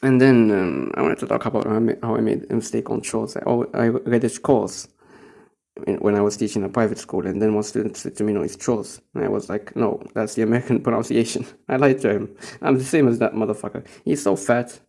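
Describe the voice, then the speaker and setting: A young man from Morocco rambles through a casual spoken-diary monologue about his days as a teacher. His voice is gravelly and dark, and he swears freely and chuckles as he talks. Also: lowish voice, steady tone, fast. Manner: rambling, profane, chuckling storyteller.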